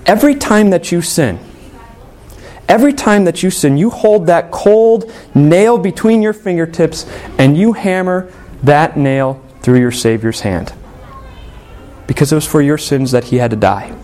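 A man preaching a sermon, earnest and emphatic, with dramatic pauses on key words. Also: a little high, warm tone.

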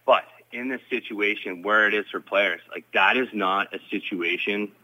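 A man's voice: lowish voice, moderate pace, pushed and bright, rough recording. A former pro hockey player in his thirties, telling his story in an interview with many fillers and restarts.

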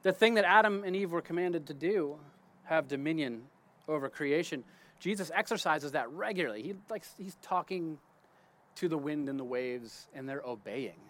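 A man with a fairly high voice teaching scripture outdoors in his garden. His delivery is loose and conversational, with restarts and quick "right?" check-ins. He speaks like a friend explaining something rather than preaching from a pulpit. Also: lively intonation, a bit bright. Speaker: teacher of a Bible talk. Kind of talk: casual spoken Bible teaching.

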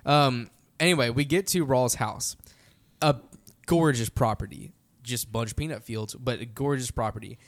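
A young man telling a story in casual podcast chat, animated and full of "like" fillers. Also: mid-range voice, moderate pace. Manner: animated, heavy use of "like" fillers. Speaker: podcast storyteller, band member.

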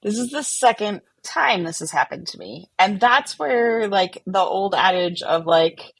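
A woman tells a story in an easy, animated way, her voice a little husky. The sound is dry and close, with no room around it. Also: medium pitch, measured pace, dry recording, poor audio. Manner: animated, chatty, many fillers like "like". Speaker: podcast guest telling a story. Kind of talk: casual storytelling.

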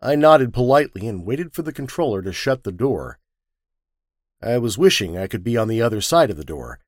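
A man narrating a first-person story with a wisecracking, lively storytelling manner. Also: medium pitch, fairly quick, no echo, studio quality.

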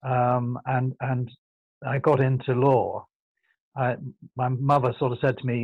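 Older posh english guy, reflective and a bit halting, dry close sound, middle pitch. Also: little pitch movement, gravelly, no echo, lo-fi sound. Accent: posh southern English. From England. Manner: thoughtful, halting, self-correcting. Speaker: guest. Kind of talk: reflective interview conversation.

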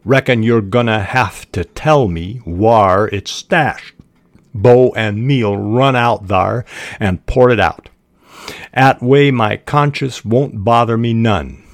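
A man's voice: mid-range voice, slow, dry recording, studio quality. A man reading as a drawling Southern deputy. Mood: sly. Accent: Southern US country. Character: menacing male Southern country deputy, sly bully. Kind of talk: dramatic reading of novel dialogue.

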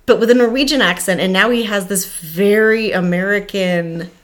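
A woman co-hosting a podcast, chatting casually with wry asides and quick interjections. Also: medium pitch. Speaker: podcast co-host. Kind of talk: casual chat.

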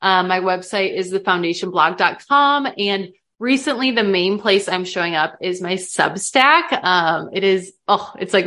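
A woman's voice: mid-range voice, pushed and bright. A young woman from the American Midwest, a podcast guest, talking in a chatty, open way with lots of likes and ums. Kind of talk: casual podcast interview.

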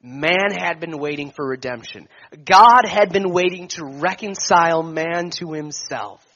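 Man preaching a sermon, high voice, slow deliberate delivery, emphatic swells and hushed drops, slightly muffled sound. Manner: slow and emphatic, swelling then dropping to near whispers.

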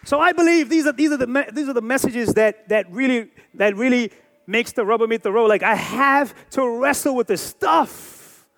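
A man's voice: very high-pitched, moderate pace, fairly bright tone. A pastor in his forties preaching a sermon with emphatic, repeated phrases and rhetorical questions. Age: 40s.

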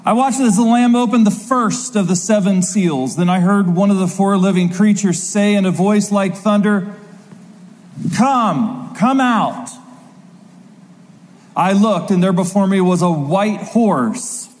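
A man preaching a sermon with a high voice. He reads scripture dramatically, leaning hard and slow on key words. His voice rings with the long reverb of a large hall. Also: a little mellow. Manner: dramatic reading with slow emphatic stresses.

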